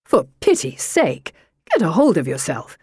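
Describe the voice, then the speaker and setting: A woman voicing a proper young Victorian gentleman who talks briskly and sounds exasperated with his sister. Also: low voice, huge pitch swings, breathy edge, no room sound, studio quality, pitched below the performer's own voice, heavily acted.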